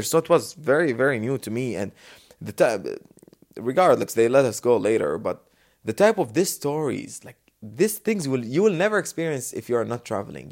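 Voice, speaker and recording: A man from Dubai hosting a solo podcast, talking off the cuff in a casual, animated way and acting out the voices in his stories. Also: medium pitch, gravelly. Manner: casual, animated storytelling, acts out quotes. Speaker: podcast host. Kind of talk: unscripted solo podcast talk.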